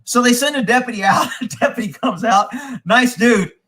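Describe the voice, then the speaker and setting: Profane, animated man telling a story. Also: extremely high pitch, normal speed. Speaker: host. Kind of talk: casual live-stream storytelling.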